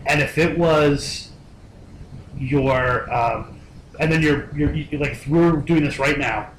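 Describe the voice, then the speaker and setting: A man's voice: on the high side, slow pace. A man hosting a podcast, telling a story in a casual, rambling way with lots of fillers and restarts. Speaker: podcast host. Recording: roomy echo, faint noise.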